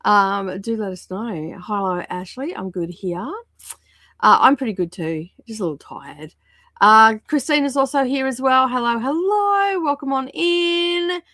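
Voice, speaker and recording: Croaky-voiced woman hosting a stream. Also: fairly high pitch, a bit bright, dry recording, studio quality. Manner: chatty, greets each viewer by name. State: croaky, scratchy sore throat. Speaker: livestream host. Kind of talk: casual livestream chat reading out viewer comments.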